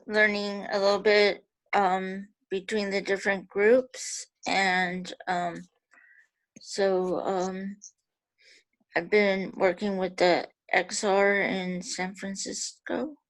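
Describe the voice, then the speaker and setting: A woman from California introducing herself hesitantly on a video call, full of pauses and fillers. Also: mid-range voice, flat delivery, dry recording, low-quality recording.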